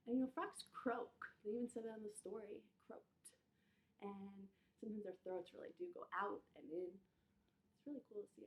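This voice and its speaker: A woman reading a picture book aloud and leading children through yoga moves, animated and encouraging, in an echoey room. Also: a little high. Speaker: children's storyteller and yoga teacher. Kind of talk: children's story time with movement.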